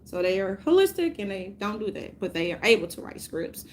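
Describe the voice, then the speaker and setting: A woman's voice: medium pitch, big pitch swings, a little fast, slight background noise. A woman ranting casually to her viewers, rambling and profane, often breaking into laughter. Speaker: vlogger.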